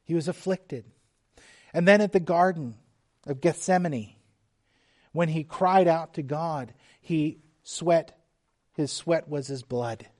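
Mellow-voiced preacher, slow and emphatic. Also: male voice, a little high. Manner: slow, emphatic preaching with sudden drops to quiet. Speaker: pastor. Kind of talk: sermon.

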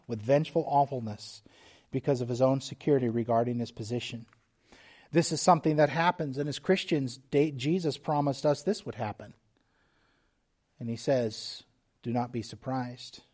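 A man preaching a sermon as pastor, earnest and measured, with restarts and small asides. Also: on the high side, darkish tone.

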